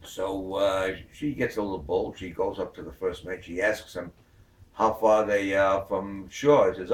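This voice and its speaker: A man's voice: low-pitched, steady tone, unhurried. A man telling a long joke in a rambling way, full of fillers. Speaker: joke teller. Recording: echoey room from far off.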